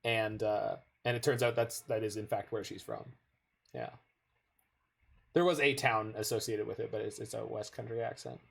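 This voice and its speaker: A man's voice: lowish voice, fairly even intonation, moderate pace, vocal fry, fairly bright tone, slightly rough. A North American man chatting casually with viewers while playing a card game, rambling off into stories. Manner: rambling, digressive storytelling. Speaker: game streamer.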